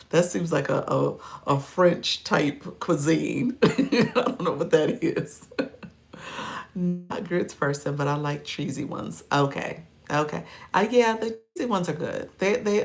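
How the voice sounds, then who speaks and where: Her voice is low-pitched and gravelly yet fairly bright. This middle-aged coach hosts a casual livestream, responding to viewer comments with playful banter and frequent laughter.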